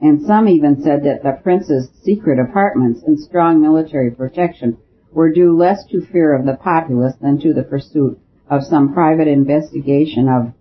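A man reading a story aloud as an audiobook narrator, in a measured, even way. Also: fairly high pitch. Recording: dull lo-fi recording with faint hiss.

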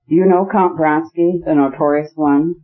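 A man's voice: on the high side, fairly even intonation, unhurried, narrow, tinny audio, lightly acted. A male narrator voicing an eager, chatty society princess in an audiobook. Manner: chatty, gushing.

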